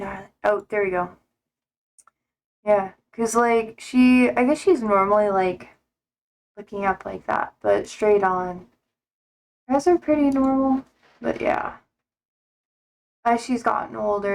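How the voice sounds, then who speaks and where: A young woman with a fairly high voice chats loosely on a live stream. She rambles and leans on fillers, and she often breaks off her own sentences to start a new thought. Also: slight background noise, rough recording. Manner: rambling, filler-heavy, self-interrupting. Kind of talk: casual live-stream chat.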